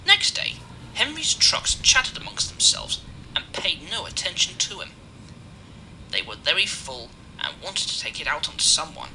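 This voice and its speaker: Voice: mid-range voice, a little slow, noisy background. A narrator reading a children's train story aloud and doing every character's voice. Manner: reads every part himself, lively changes of voice.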